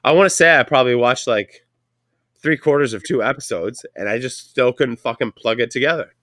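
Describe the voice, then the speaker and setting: A man's voice: mid-range voice, a little fast, fairly bright tone, dry recording, studio quality. A man with a Canadian accent hosting a casual chat, telling a rambling story full of profanity. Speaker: podcast host.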